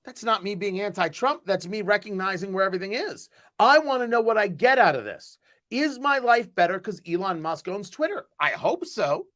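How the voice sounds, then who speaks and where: A man hosting his own show in casual live-stream chat, emphatic and animated, often repeating words as he talks, originally from the US East Coast. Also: high-pitched, normal speed. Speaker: host.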